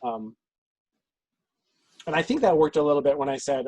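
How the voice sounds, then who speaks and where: A man's voice: on the high side, animated, moderate pace, darkish tone, no echo, rough recording. A man talking as game master in an out-of-game group discussion, reflective and thinking aloud.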